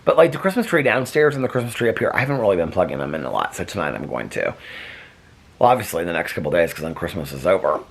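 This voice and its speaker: American guy rambling at home to his camera and dog, husky lowish voice, pitch jumps all over. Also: sing-song, fast talker. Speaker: vlogger. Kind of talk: casual chat. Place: home, indoors.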